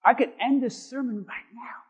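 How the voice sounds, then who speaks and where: A man preaching a sermon as pastor to a congregation, swinging between loud shouting and quiet, chatty asides. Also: very high-pitched, moderate pace, slightly rough, rough recording. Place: church sanctuary before a congregation.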